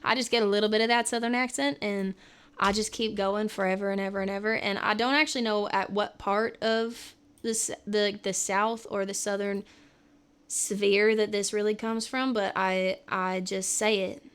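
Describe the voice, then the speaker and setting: A woman's voice: medium pitch, steady tone, moderate pace, a bit bright, clear, resonant tone. A woman from California, a livestreamer and singer, chatting casually with viewers in a rambling way and laughing often.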